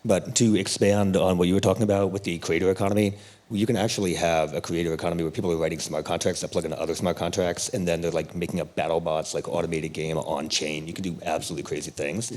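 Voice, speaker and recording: A man speaking as a panelist on a theater stage, excited and emphatic. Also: deep voice, fast. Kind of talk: conference panel discussion.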